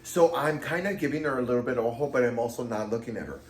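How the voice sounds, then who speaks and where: A man's voice: mid-range voice, fast, slight background noise. A man in a casual chat, telling stories in a sassy, dramatic way. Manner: sassy, dramatic, theatrical storyteller. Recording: echoey room.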